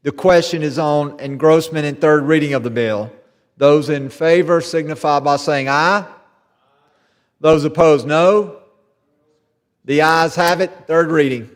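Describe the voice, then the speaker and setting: A man presiding over a legislative session, reading routine procedural calls briskly. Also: fairly high pitch. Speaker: presiding officer. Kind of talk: formal parliamentary procedure. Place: large legislative chamber. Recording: long reverb of a large chamber.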